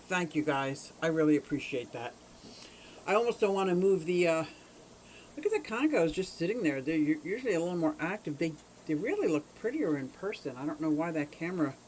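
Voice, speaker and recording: A chatty, rambling livestream host from Pennsylvania talks about fish from a room full of tanks. The voice sits at a middle pitch, and the host greets viewers by name as they arrive. A faint hiss of noise sits under the camera mic. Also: lively intonation, fairly quick, darkish tone, poor audio. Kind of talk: casual livestream chat. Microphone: camera mic on a short cable.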